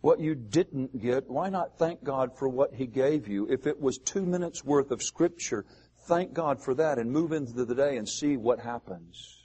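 A man pastor preaching a sermon, asking the congregation rhetorical questions and pausing for emphasis. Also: medium pitch, dark tone, breathy edge.

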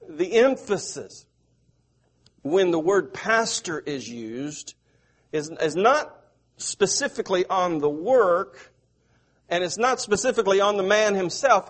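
A middle-aged man from the American South, preaching a sermon and asking his listeners questions. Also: high-pitched. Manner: slow, repetitive, asks the audience questions.

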